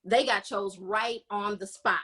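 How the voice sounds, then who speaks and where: A woman hosting a podcast, casually recapping a romance novel and acting out the characters' lines with animated storytelling. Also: mid-range voice, measured pace. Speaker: podcast host. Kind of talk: casual book recap chat.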